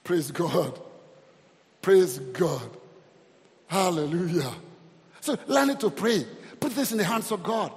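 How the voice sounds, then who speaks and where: A man's voice: high-pitched, lively intonation, takes it slowly, pauses often. A man preaching a sermon as pastor, calling out praise and exclamations to the congregation. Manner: preaching with call-and-response exclamations. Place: church hall. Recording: long hall reverb.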